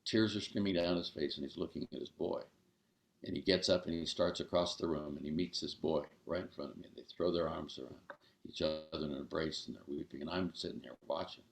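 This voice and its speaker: An older man telling a story as an interview guest, acting out the dialogue in an animated way. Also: a little fast, roomy sound. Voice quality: gravelly low voice.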